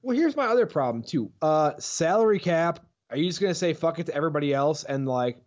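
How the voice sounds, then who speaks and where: A man co-hosting a casual sports podcast, joking and swearing in animated banter. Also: on the high side, quick pace, hardly any pauses. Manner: animated, swears, jokey bits. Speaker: podcast co-host.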